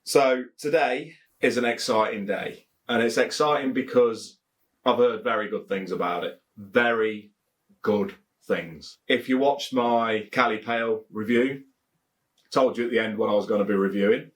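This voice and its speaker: Rambling Leicestershire man, low voice. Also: normal speed. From England. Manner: rambling and jokey, repeats phrases. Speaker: beer reviewer. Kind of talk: casual chat to camera.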